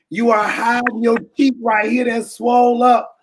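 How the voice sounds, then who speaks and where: A man giving an impassioned, preaching-style talk, colloquial and animated, often shouting for emphasis to his listeners. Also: very high-pitched, a little slow. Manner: colloquial, calls listeners "baby" and "y'all". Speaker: speaker addressing a church audience.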